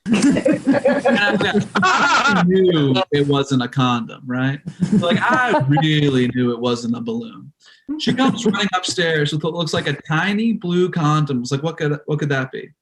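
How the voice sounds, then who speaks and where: Male stand-up comic, storytelling, higher voice, over video call. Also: big pitch swings, measured pace, fairly bright tone, slight background noise. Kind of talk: stand-up set.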